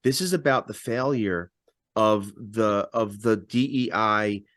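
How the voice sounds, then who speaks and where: A man's voice: on the low side, slow pace, fairly bright tone, no room sound, clean studio sound. A man co-hosting a political talk show, speaking emphatically and stumbling over repeated words as he builds his points. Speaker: radio host and podcast co-host.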